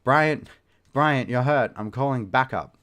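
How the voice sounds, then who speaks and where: A man's voice: low voice, fairly even intonation, fairly quick, smooth, close to an everyday voice. A man voicing a worried mall security coworker calling over the radio, urgent and fussing. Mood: alarmed.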